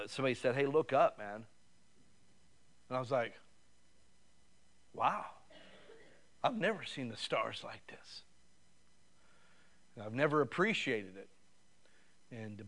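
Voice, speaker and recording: A man's voice: on the high side, fairly bright tone. Conversational man preaching a sermon. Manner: conversational, builds to fervent raised passages. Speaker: pastor.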